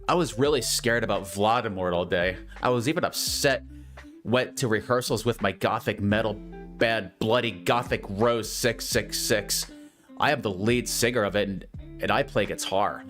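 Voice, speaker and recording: Low-voiced man mocking a bad story. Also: normal speed, a bit bright, soft background music. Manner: incredulous, mocking asides. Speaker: reader. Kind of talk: comedic dramatic reading.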